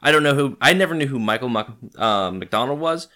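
A man's voice: mid-range voice, expressive, fairly quick, pushed and bright. A man in casual podcast chat who swears freely and laughs often. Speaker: podcast co-host.

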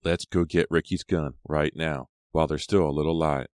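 A man reading an audiobook, voicing a glum teenage boy who mutters and urges in a low voice. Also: steady tone, normal speed, a little mellow, no echo, clean studio sound. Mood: urgent. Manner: muttering, urgent.

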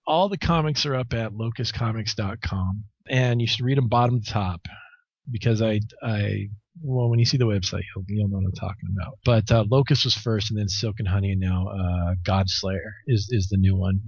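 A man's voice: on the low side, normal speed, husky, dry recording. A man being interviewed about his comics, talking casually and bluntly, rambling with lots of restarts and swearing. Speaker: comic artist guest. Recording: dry, dull lo-fi sound.

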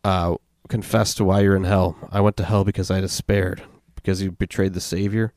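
A man hosting a podcast, retelling a dark story and reading the quoted lines aloud in a steady, matter-of-fact way. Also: low voice, fairly quick, no room sound, clean studio sound. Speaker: podcast host.

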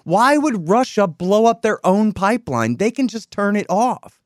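A man's voice: high-pitched, big pitch swings, measured pace, dry recording, studio quality. A man hosting a political commentary show, talking in a sarcastic, mocking way. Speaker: show host.

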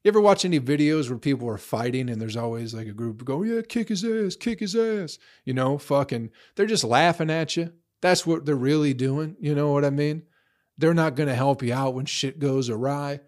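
A man's voice: medium pitch, a little fast. A young man in a profane, rambling casual rant, blunt, tossing in "bro" and "you know" often. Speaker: vlogger.

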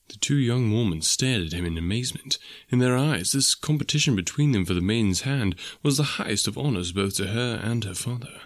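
A man narrating a classic novel in a measured, even storytelling manner. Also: mid-range voice, no room sound, studio quality. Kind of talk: audiobook narration.

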